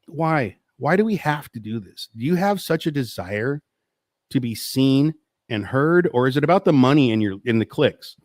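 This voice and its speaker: A man's voice: mid-range voice, animated, normal speed, darkish tone, dry recording, clean studio sound. A man hosting a live stream, ranting in a profane, exasperated and rambling way. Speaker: host.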